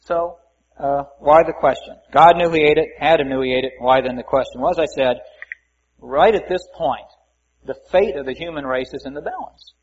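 A man's voice: fairly high pitch, normal speed, husky. A man preaching a conversational Bible-teaching sermon, reading scripture aloud and adding folksy asides. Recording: muffled lo-fi recording.

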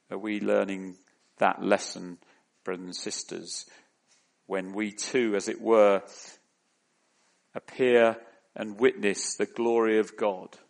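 A man preaching a sermon in a measured, deliberate way, rising into emphatic questions. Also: fairly low pitch, vocal fry.

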